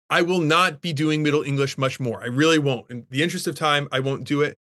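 A man's voice: a little high, fast talker, few pauses, bright, forceful tone. A man lecturing as an English professor in a classroom, talking enthusiastically and with emphasis about poetry.

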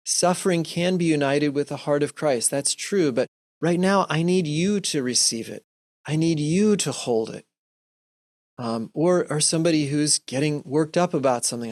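Earnest man giving a gentle Christian talk. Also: a little high, normal speed, no echo, studio quality. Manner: gentle, earnest, with frequent restarts and acted-out examples. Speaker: speaker giving a Lenten talk. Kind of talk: reflective talk to a Christian audience.

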